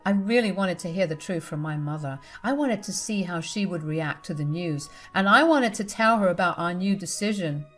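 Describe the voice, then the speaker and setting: A woman's voice: fairly low pitch, normal speed, few pauses, fairly bright tone, soft background music. A young adult woman narrating a first-person family drama story, confiding and emotional, speaking straight to her listeners.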